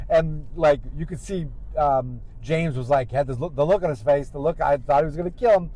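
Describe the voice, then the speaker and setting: A man talks loosely from behind the wheel of his car, recapping a show for his podcast. His voice sits a little higher than most men's. He rambles and breaks into raised voices when he quotes the characters. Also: brisk, hardly any pauses, dark tone, rough recording. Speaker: podcast host. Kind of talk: casual recap talk while driving.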